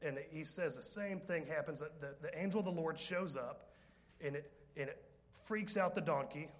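A male preacher with a fairly high voice tells a story from the pulpit. He jokes, wanders into asides and teases the congregation before getting back on track. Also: moderate pace. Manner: lively, joking, rambling with asides. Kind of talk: sermon storytelling.

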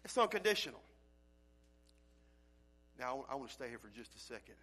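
A male pastor preaching a sermon with folksy phrasing, swinging from loud calls to quiet, low passages. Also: very animated, brisk.

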